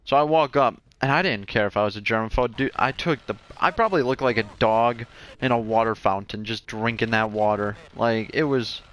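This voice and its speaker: A man casually telling a rambling personal story in a laid-back, animated way. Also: mid-range voice, a little fast.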